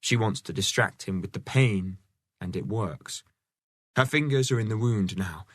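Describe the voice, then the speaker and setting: Low-voiced male audiobook narrator. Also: measured pace, fairly bright tone, no echo, clean studio sound. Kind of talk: scripted narration.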